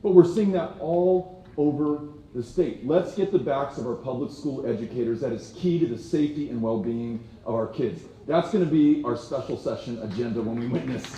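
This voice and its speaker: A man's voice: mid-range voice, moderate pace, warm tone, a little hiss or hum. A man in his forties giving an impassioned, emphatic campaign speech at a town hall. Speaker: political candidate. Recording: very echoey hall.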